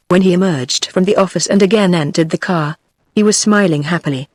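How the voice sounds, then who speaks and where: A text-to-speech woman's voice with a British accent reading a novel aloud in an even, unhurried way. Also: lowish voice, dry recording. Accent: British English. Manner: even, unhurried synthetic delivery. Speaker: audiobook narrator.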